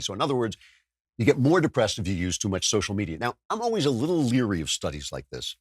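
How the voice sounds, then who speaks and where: A sardonic male talk show host with a husky, slightly rough voice, recorded dry and close to the mic. His pitch rises and falls with a lively, animated swing as he riffs and trips over his own restarts. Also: fast, dry recording. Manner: sardonic, self-mocking, stumbling restarts. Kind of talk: podcast monologue with ad read.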